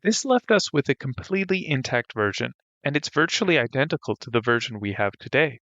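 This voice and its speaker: A man's voice: medium pitch, animated, a little fast, bright, forceful tone, no room sound. A man hosting an educational podcast, narrating a scripted lesson with light enthusiasm and humor. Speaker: podcast host. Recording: slightly dull, dry recording.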